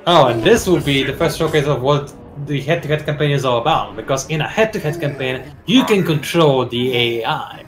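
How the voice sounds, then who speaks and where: A man's voice: mid-range voice, expressive, normal speed, few pauses, faint music behind. A man hosting a strategy game session, talking casually and playfully while explaining the game as he plays. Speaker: host and player. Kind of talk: casual gameplay commentary.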